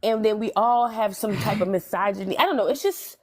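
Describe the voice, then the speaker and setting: A woman's voice: medium pitch, a little fast, a little mellow. A woman in casual conversation who thinks aloud, trails off and restarts, and chuckles often. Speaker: panelist in a live discussion. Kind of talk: casual reflective chat.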